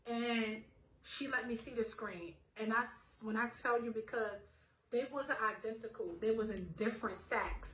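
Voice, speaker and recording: A young woman with a slightly high voice tells her own story in a lively, chatty way, sprinkling fillers and acting out what people said. The recording is roomy and echoey. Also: normal speed, a little hiss or hum. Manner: animated, acts out dialogue, lots of fillers. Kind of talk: casual personal storytelling. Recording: roomy echo, faint ambience.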